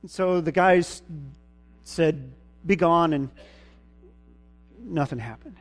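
A man's voice: on the high side, animated, slow. A man preaching a sermon, retelling a Bible story in a casual, folksy storytelling way.

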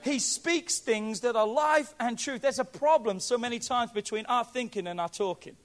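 A man preaching a sermon as pastor, emphatic and pleading, swinging from quiet asides to near shouts. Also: very high-pitched, moderate pace.

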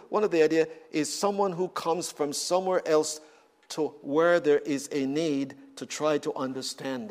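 A man's voice: a little high, darkish tone. A man preaching a sermon, repeating words and rising in emphatic bursts.

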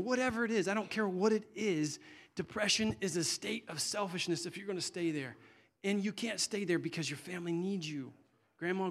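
Middle-aged male preacher, earnest and conversational, slightly high voice, stumbles and restarts mid-thought. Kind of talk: sermon.

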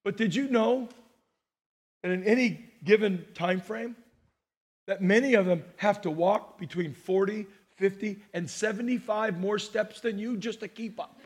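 A male pastor with a notably high-pitched voice delivers a sermon in a storytelling way. He drops to a hush and then rises to emphatic points. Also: unhurried, slightly rough. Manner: storytelling preacher, shifts between hushed and emphatic.

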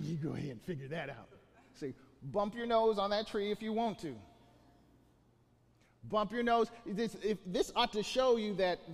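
A man's voice: high-pitched, big-room sound. A man preaching a sermon as pastor, building to emphatic bursts and often restarting his phrases.

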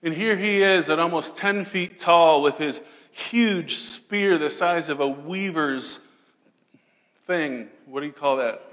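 A man preaching a sermon dramatically, moving between loud declarations and hushed, almost whispered passages. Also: on the high side, slow, big-room sound. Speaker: pastor.

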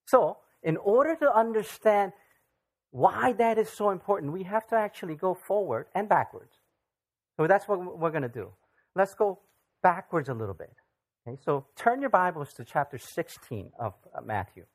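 Church bible study teacher, lots of uh and um, keeps asking okay?, medium-pitched voice. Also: sing-song. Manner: halting, many fillers, keeps checking in with "okay?". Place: church gathering.

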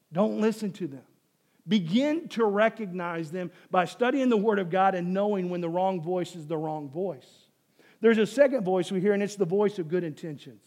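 High-voiced man preaching a sermon. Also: darkish tone. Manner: emphatic, repetitive, rhetorical questions to the congregation. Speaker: pastor.

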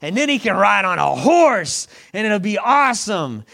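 A man voicing an eager, excitable male onlooker in a crowd, full of incredulous exclamations. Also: sits high, normal speed, creaky, full character voice. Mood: puzzled.

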